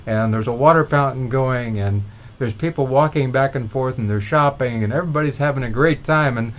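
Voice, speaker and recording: A middle-aged man telling motivational stories in a relaxed, rambling way, with frequent restarts. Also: medium pitch, fairly quick. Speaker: motivational speaker. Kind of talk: motivational storytelling.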